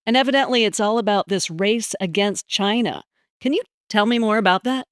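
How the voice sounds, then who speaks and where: A woman hosting a podcast, chatting casually and with easy amusement, with the odd filler. Her voice sits at a middle pitch. The recording is dry and close. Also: fairly quick, clean tone, dry recording. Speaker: podcast host.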